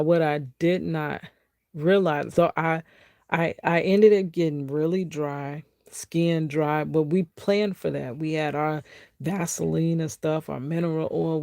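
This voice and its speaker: A woman vlogger telling a personal health testimony in an animated way, acting out what people said and talking straight to her viewers. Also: low voice, creaky, no echo, studio quality. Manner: animated, acts out quotes, talks straight to viewers.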